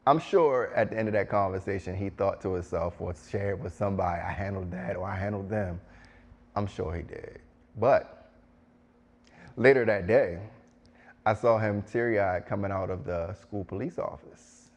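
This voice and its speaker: A man's voice: on the low side, normal speed. A man giving emphatic, preachy advice to teachers, repeating phrases for stress. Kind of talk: direct-to-camera advice talk.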